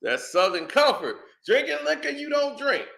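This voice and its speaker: High-voiced, animated storytelling man. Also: moderate pace, vocal fry, roomy sound. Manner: animated, acts out quotes, laughs often. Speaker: host. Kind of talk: casual storytelling commentary.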